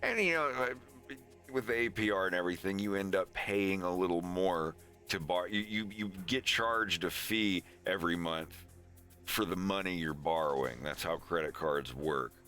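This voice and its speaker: Deep-voiced man rambling on stream. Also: normal speed, sharp tone, soft background music. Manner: loose, profane, chatty advice-giving. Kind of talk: casual rambling stream chat.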